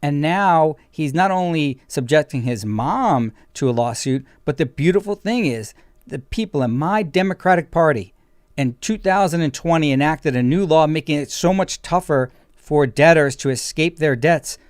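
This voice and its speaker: A man's voice: fairly high pitch, lively intonation, moderate pace, clean tone, dry recording, studio quality. A man hosting a legal commentary show as an attorney, explaining emphatically.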